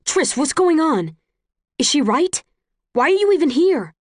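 Woman reading a confused young man; urgent, pitched up, dry close sound. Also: very animated, measured pace, no room sound. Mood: alarmed.

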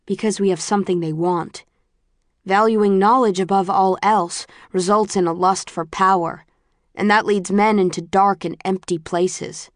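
A woman's voice: mid-range voice, steady tone, measured pace, no room sound, clean studio sound, lightly acted. A woman voicing a stern, principled middle-aged father in a firm, clipped and disapproving manner.

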